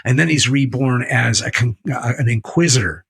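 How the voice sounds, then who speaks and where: Male interview guest, rough fry in the voice, breathy texture, profane storyteller. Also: medium pitch, normal speed, a bit bright. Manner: profane, emphatic, retelling a book scene by scene. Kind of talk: candid conversational storytelling.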